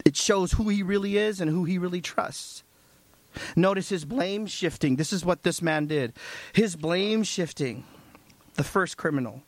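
A male preacher delivers a sermon at a very slow, deliberate pace. He moves between hushed and fervent emphasis, and his voice sounds dry and close with little room echo. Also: sits high.

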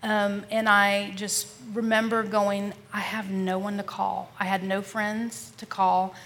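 A woman appears as a podcast guest, earnestly sharing her personal faith testimony, often dropping to a soft, hushed voice and addressing listeners as y'all. Her mid-range voice shows little pitch movement and proceeds slowly, sounding as if it's in a large hall.

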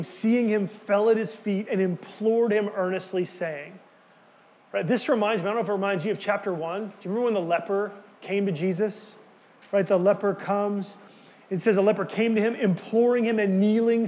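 A man preaching a sermon, earnest and emphatic, dropping to quiet words for key lines. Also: high-pitched, long reverb tail. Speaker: pastor.

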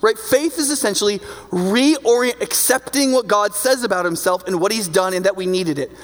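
A man's voice: sits high, moderate pace, big-room sound. A man preaching a sermon in a conversational, emphatic way, often checking in with his listeners. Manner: conversational and emphatic, keeps asking "right?".

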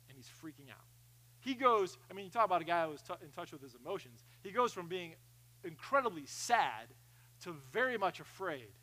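Bright-voiced animated male preacher. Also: sits high, rough recording. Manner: animated, swings from loud emphasis to quiet; restarts, repeats phrases. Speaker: pastor. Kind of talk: sermon.

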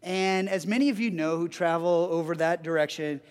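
A man's voice: on the high side, normal speed, clean tone. A man preaching a sermon as pastor, telling stories earnestly with frequent restarts. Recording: long hall reverb.

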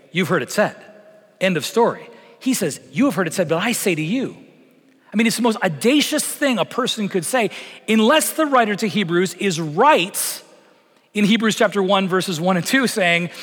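A male pastor preaching a sermon in an animated, conversational way, mixing humor with earnest appeals. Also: sits high, long reverb tail. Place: church sanctuary.

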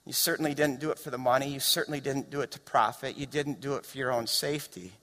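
A man's voice: mid-range voice, fast talker. Impassioned male preacher in a reverberant hall. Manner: building to impassioned shouts, varied pacing. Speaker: pastor. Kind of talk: sermon. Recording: long reverb of a large hall.

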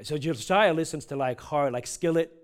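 A man's voice: fairly high pitch, normal speed. A man preaching a sermon in a conversational way, often checking in with "right?" and "huh?", building to emphatic peaks. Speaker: pastor.

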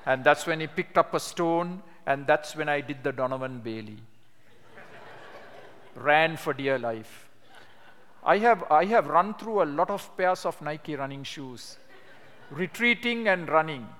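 Older man, slightly high voice, lively classroom teaching, long hall echo. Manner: animated storytelling, reads scripture slowly with emphasis. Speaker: evangelism trainer.

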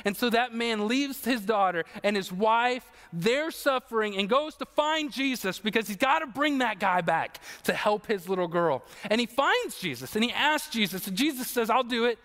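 High-voiced earnest male preacher. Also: expressive, fairly bright tone, big-room sound. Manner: earnest, emotional preaching with emphatic slow phrases. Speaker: pastor. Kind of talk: sermon.

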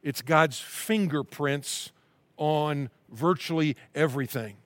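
A man's voice: a little high, slow pace, fairly bright tone, no room sound. A middle-aged male pastor preaching a sermon, reading scripture aloud with earnest emphasis.

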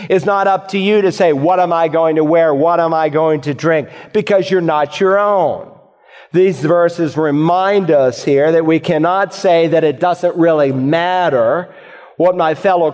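A man's voice: a little high, darkish tone. A man preaching a sermon, reading scripture and pressing earnest rhetorical questions on his listeners. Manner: earnest, emphatic Bible exposition with rhetorical questions. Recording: hall reverb.

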